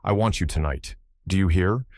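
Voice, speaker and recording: A man reads the part of an overbearing, lecherous older baronet in a storybook reading, husky and insistent. The voice sits very low and dry, with close, plain sound. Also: moderate pace, darkish tone, no room sound. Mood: domineering. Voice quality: husky, pushy.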